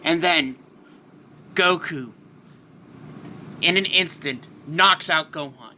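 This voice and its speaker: A man's voice: on the high side, slow, bright, forceful tone, slight background noise. A man casually narrating a fan-made what-if story, loose and rambling with restarts.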